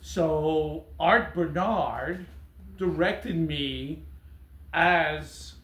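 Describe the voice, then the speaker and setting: Man, host, very slow deliberate speech, mock-serious, slightly high voice, roomy echo. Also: a bit bright. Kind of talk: casual interview. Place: theater venue after a performance.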